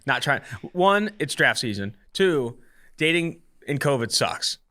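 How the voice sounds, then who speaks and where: A man, co-hosting a podcast and telling a long story in an animated, casual way. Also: medium pitch, a little slow. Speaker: podcast co-host.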